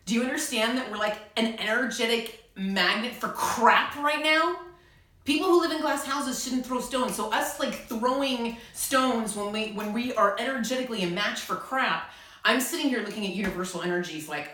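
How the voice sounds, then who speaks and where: Young woman, urgent and emphatic, bright sharp voice, very echoey room. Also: high-pitched, expressive, normal speed. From United States. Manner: urgent, emphatic, repetitive pleading. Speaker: self-styled spiritual channel. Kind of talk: impassioned spiritual monologue to camera.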